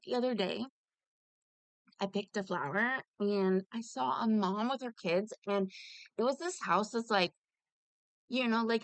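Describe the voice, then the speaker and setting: A woman with a mid-range, fairly bright voice rants heatedly straight to camera on a dry recording. Addressing a fellow commentator, she rambles and swears, using "like" over and over.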